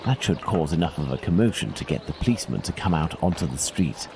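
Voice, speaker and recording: An actor playing a calm, clever male detective who speaks politely and reasons aloud in a game. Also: very deep voice, fast talker, noisy background. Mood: composed.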